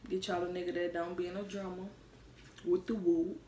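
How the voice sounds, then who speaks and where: A woman's voice: lowish voice, level tone, a little fast, dark tone, slight background noise. A young woman vlogging, telling a personal story in a candid, profane, conversational way. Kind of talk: casual storytime vlog. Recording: roomy, mic set far off.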